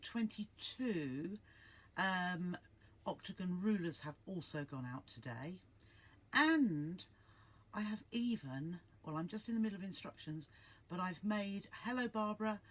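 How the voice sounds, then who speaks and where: A woman hosts a live sewing stream from home. She chats casually and rambles, stopping to greet viewers by name. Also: on the low side. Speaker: sewing livestream host. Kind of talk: casual livestream chat.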